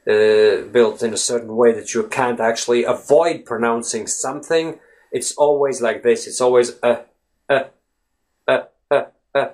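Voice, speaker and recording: A man hosting a lesson, answering a viewer's question in a relaxed, thinking-aloud way, with many fillers and example words said over and over. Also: medium pitch. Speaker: English teacher, channel host.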